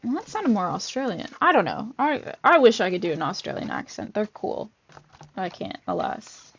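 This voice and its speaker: A woman's voice: mid-range voice, sing-song, moderate pace, breathy edge. A woman vlogger reading a picture book aloud, with chatty asides and fillers between pages. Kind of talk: casual read-aloud with commentary. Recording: dull lo-fi recording.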